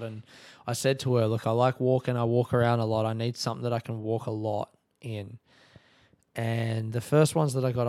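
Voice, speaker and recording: A young Australian man talks through his week in a loose, rambling diary, cursing casually and doubling back to fix his own facts. His voice sits at a middling pitch, and he keeps breaking into laughter at himself. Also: a little mellow. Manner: rambling, self-correcting, swears often, laughs at himself. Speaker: comedian and travel podcaster. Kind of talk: casual travel diary chat.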